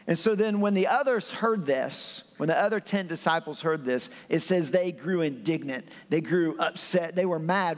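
A man's voice: on the high side, normal speed, few pauses, big-room sound. A man preaching a sermon in a conversational, storytelling way, acting out scenes with his voice. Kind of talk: animated sermon.

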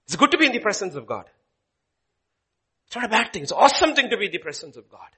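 Guy preaching, goes from booming to whispery, bright edgy voice, pitch all over. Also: sing-song, fast, breathy edge. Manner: dramatic, swinging from loud declaiming to hushed whispers. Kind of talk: sermon.

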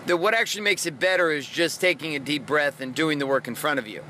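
A man in his thirties delivers a motivational monologue in a bright, cutting voice, a touch higher than most men's. He talks bluntly and swears freely, with faint street noise behind him. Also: a little fast. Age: 30s. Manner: blunt, profane, energetic. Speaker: podcast host, coach.

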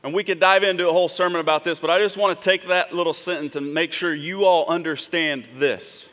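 A male pastor delivers a sermon in a church sanctuary, his voice fairly high, fairly bright and brisk, with fairly even intonation. He talks to the congregation conversationally, checking in often through asides, and the recording carries long hall reverb.

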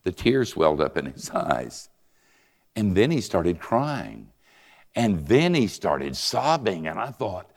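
Deep, gravelly older preacher. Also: male voice, a little slow. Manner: conversational, animated storyteller. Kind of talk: sermon storytelling. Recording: reverberant hall.

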